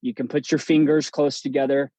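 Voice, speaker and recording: A man, a guest on an interview podcast, telling stories in a relaxed, chatty way with plenty of fillers and restarts. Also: mid-range voice, fairly quick, a little hiss or hum, rough recording. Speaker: podcast guest, breathwork instructor. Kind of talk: casual storytelling interview.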